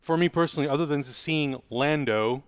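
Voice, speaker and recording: A man hosting a casual podcast chat, talking quickly and energetically as he plugs the show. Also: on the high side, clean tone. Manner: fast, energetic plugging. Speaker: podcast host.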